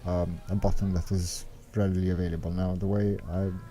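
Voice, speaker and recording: A man's voice: deep voice, level tone, a little fast, dark tone, faint music behind. A young man giving unscripted, meandering strategy commentary over gameplay footage, thinking aloud as he explains. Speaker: game strategy guide maker.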